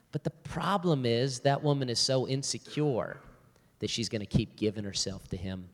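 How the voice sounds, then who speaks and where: A man's voice: medium pitch, normal speed. A male pastor speaks to a live audience in a church hall, his voice sitting in the middle range. He tells stories with energy and acts out both sides of a conversation. The long reverb of the hall hangs behind every line. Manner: animated storyteller, acts out both sides of a dialogue. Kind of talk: church talk with storytelling.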